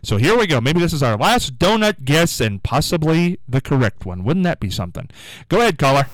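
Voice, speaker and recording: Male radio host, chatty, upbeat, lively pitch, dry close sound. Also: no room sound, rough recording. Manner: chatty, upbeat, quick with banter. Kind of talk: call-in radio show.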